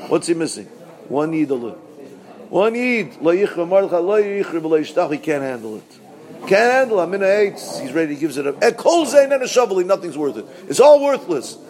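In a quick-paced Purim Torah talk, a man raises rhetorical questions and answers them, his pitch swinging widely. He moves back and forth between loud bursts and low asides.

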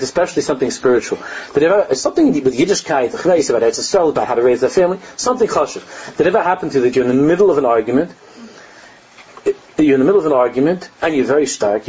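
Husky older rabbi telling lively stories. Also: male voice, mid-range voice. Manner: weaves Hebrew and Aramaic phrases into English; animated, laughs at his own anecdotes. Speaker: rabbi teaching a Torah class. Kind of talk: Torah lesson with storytelling. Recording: dull lo-fi recording.

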